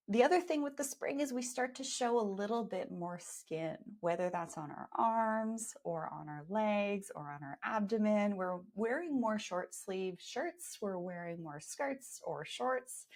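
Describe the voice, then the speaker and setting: Canadian woman, podcast host, chatty and upbeat, medium pitch. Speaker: podcast host and skincare educator. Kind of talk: live podcast chat.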